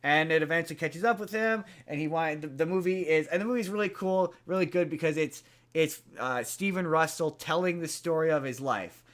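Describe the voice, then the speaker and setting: Rambling man with a high voice. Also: fairly quick, fairly bright tone. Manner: rambling, many fillers and restarts. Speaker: podcast host. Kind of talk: casual chat, retelling a movie plot.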